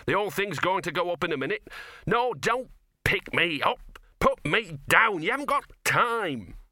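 A scrappy little talking dog with a gruff, grumbling voice, put on by a man reading aloud. He sounds cynical and worldly, and the tone is bright and clear, recorded close and dry with no room sound. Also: high voice, very fast, no echo, voice pushed up. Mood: urgent.

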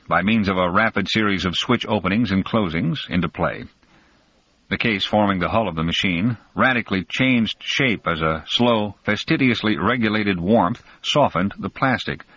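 Deep-voiced man narrating a story. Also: a bit bright. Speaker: audiobook narrator. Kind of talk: scripted narration. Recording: dull lo-fi recording.

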